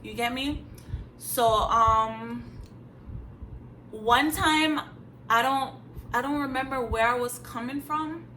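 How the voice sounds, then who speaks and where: Bright blunt young woman. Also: high voice, slow pace, pauses often, a little hiss or hum, poor audio. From Jamaica. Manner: blunt, emphatic, casual slang. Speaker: vlogger. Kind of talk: candid storytime vlog.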